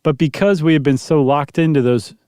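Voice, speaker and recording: A man co-hosts a podcast in loose, casual conversation, cracking jokes and laughing often. His voice sits fairly high for a man. The sound is dry and close, with no room echo. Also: fairly quick, warm tone, clean tone. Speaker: podcast co-host. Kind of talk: casual chat.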